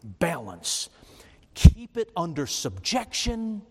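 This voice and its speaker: A man's voice: a little high, huge pitch swings, slow, warm tone, breathy edge. A man preaching a sermon, emphatic and repetitive, often restarting his phrases. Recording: long reverb from a hall.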